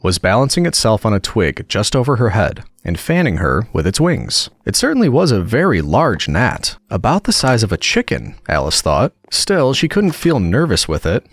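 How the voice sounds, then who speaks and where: A man reads a relaxing audiobook in a gentle, expressive way. His pitch moves very freely, and the recording is close and dry, with no room sound. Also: normal speed, hardly any pauses, no echo. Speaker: audiobook narrator.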